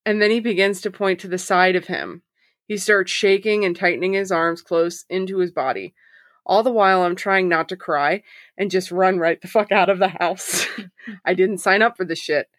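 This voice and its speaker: A woman's voice: fairly low pitch, fairly bright tone, no room sound, clean studio sound. A woman hosting a podcast, reading listener stories aloud in a casual way, swearing freely and laughing often. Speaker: podcast host.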